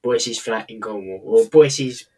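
A man's voice: lowish voice, takes it slowly, a little mellow, breathy edge. A man co-hosting a podcast, bantering and teasing his co-host in casual chat. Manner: teasing, jokey.

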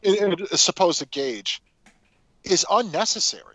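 A man's voice: high-pitched, very animated, normal speed, a bit bright, no echo, lo-fi sound. A man co-hosting a casual film podcast, talking animatedly and swearing freely. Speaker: podcast co-host.

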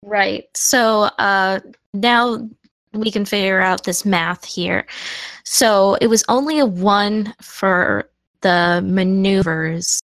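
Slow-talking woman playing a tabletop game. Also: medium pitch, a bit bright, no echo. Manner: thinking aloud, hesitant. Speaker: player. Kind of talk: tabletop game play, casual.

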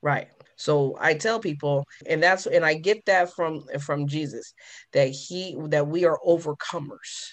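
A woman's voice: low voice, unhurried. A woman recounting her past in an interview, telling it with emphasis and acting out both sides of the dialogue. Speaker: guest. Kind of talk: personal testimony in an interview.

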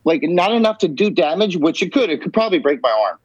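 A man's voice: on the high side, big pitch swings, quick pace, husky. A man telling a rambling, emphatic personal story on a podcast, swearing freely. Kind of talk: casual storytelling. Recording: dull, lo-fi podcast audio.

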